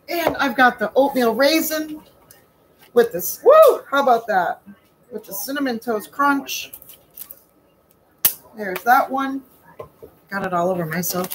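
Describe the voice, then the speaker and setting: A woman's voice: fairly high pitch, expressive, a little slow, pauses often, slight background noise, low-quality recording. A woman hosting a chatty baking demo from her home kitchen, asking rhetorical questions and calling her viewers sweetie and honey. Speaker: home baker and host.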